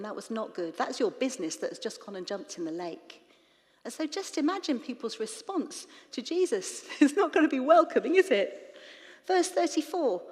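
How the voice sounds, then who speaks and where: A woman preaching in church, retelling scripture with lively, animated asides to the congregation. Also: fairly high pitch. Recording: reverberant church hall.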